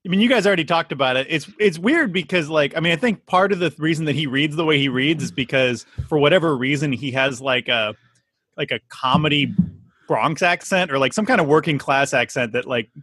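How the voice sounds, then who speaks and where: A man's voice: on the high side, fairly quick, fairly bright tone, husky, no echo. A man talking on a podcast in casual chat, rambling with many fillers like "like" and "I mean".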